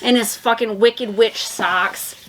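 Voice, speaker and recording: A woman's voice: a little high, fairly even intonation, slow. A tipsy woman co-hosting a casual movie review, retelling the plot in a rambling, profane way. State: tipsy from drinking.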